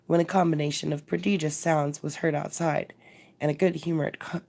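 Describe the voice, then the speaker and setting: A woman narrating a classic story aloud as a bedtime reading, measured and expressive. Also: low-pitched, creaky.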